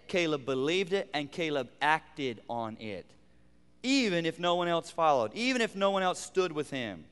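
High-voiced preaching pastor, man. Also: smooth, long reverb tail. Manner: preaching with rising emphatic repetition and sudden quiet drops. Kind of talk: sermon.

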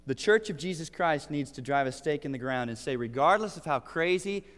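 In a church sanctuary, a man in his thirties preaches as pastor, his fairly high, slightly bright voice animated and a little fast. His earnest tone builds to emphatic declarations, with the long reverb of a large hall around him.

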